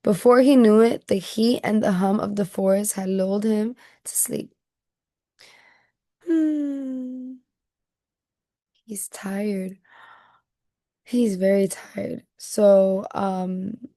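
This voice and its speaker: A woman teacher reading a picture book aloud to children, pausing to ask questions and check they follow along. Her voice is close and dry, with a mid pitch. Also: fairly even intonation, dry recording. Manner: gentle questioning, checking in with listeners.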